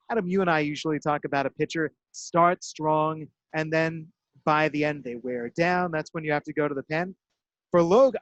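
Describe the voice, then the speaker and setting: A man calling baseball play-by-play in a crisp, measured style that leans into each out. His voice sits a little high, close and dry on a broadcast mic. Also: no room sound. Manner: crisp, measured delivery with dramatic emphasis on outs.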